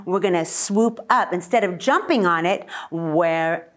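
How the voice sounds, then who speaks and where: A woman's voice: fairly low pitch, measured pace. A woman teaching a singing lesson, singing short lines for a student to echo and coaching with encouragement between them.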